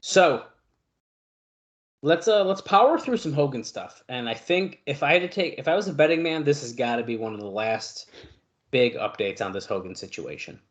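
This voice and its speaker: An animated man with a mid-range voice reads the news at a moderate pace as a podcast co-host, sprinkling long passages with fillers and asides.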